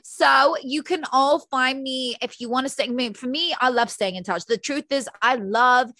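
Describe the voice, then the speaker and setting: Motivational woman guest, upbeat and persuasive, bright higher register, dry sound. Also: moderate pace, no room sound. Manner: energetic, motivational, preachy. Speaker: mindset coach guest. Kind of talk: interview.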